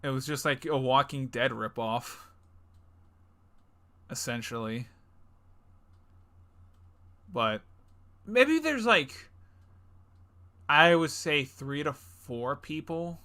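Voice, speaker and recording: Young man, podcast co-host, very bright voice, jokey, rambling casual chat. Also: mid-range voice, expressive, takes it slowly, long pauses. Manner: jokey, laughing, rambling with restarts.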